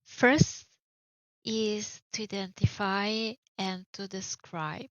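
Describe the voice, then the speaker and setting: A woman teaching grammar in an online lesson, explaining slowly and carefully with examples. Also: mid-range voice, steady tone, fairly bright tone, dry recording. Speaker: Italian teacher. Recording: dull, dry lo-fi audio.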